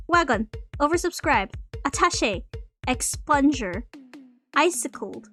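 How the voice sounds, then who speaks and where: A high, youthful woman's voice reads out single words one by one at an unhurried, careful pace. She is a streamer playing a memory game. Soft music plays behind her. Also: lively intonation. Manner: slow, deliberate reading of single words.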